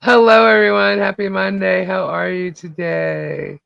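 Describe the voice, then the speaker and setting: Woman podcast host, hoarse, gravelly, slow, chatty, dull lo-fi audio. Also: medium pitch, flat delivery, dry recording. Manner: chatty, laughs often, reads out viewer names. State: voice a little hoarse. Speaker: podcast host greeting live chat. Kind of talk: casual live-stream chat.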